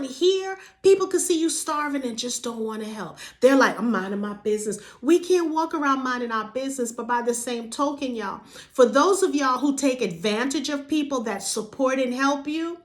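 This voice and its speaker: A woman from New York hosting a passionate monologue to camera, in casual vernacular, firing off repeated rhetorical questions. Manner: casual vernacular, sudden jumps in pitch. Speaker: vlog host.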